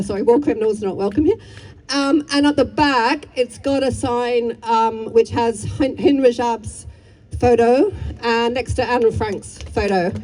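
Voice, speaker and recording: A woman's voice: on the high side, a little mellow. A woman speaking at an outdoor street rally, heated and rambling, breaking into chants between apologetic asides. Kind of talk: impassioned rally speech and chanting.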